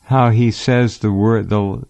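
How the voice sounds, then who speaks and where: A man's voice: on the low side, fairly even intonation, gravelly, darkish tone, no room sound. Dry, blunt male radio host. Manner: quick agreeing interjections, blunt opinions. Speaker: radio talk show host. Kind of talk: casual radio interview chat.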